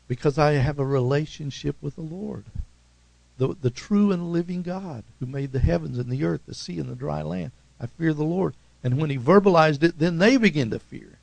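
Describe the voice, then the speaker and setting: A man with an Oklahoma accent preaching a sermon as pastor, talking in a conversational, emphatic way and swinging suddenly between loud and soft. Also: on the high side, vocal fry, no echo, poor audio.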